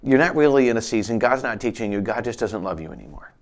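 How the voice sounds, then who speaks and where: Preacher doing Satan, low murmuring tempter, cynical and coaxing. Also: male voice, lively intonation, fast talker, close to an everyday voice.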